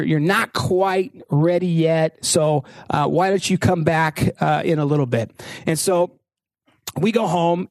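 A high-pitched man in his thirties preaches with a self-mocking, halting delivery, often backing up mid-phrase to restart. The sound is dry and close, with no room around it. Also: no room sound. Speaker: pastor. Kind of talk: sermon with personal storytelling.

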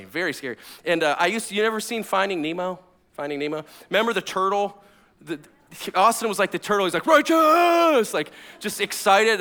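A man with a high, bright voice preaches a sermon built on personal stories. His delivery is lively and conversational. It swings from excited near-shouts to quiet, earnest questions. He sounds like a pastor speaking plainly to his church. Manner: energetic, conversational, swings from loud to hushed. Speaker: pastor, former firefighter.

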